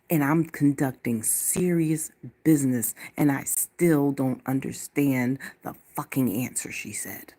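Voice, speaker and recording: A woman from the United States delivering a blunt, profane ranting monologue to camera as a vlogger, slowing down to hammer her points. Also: extremely low pitch, warm tone.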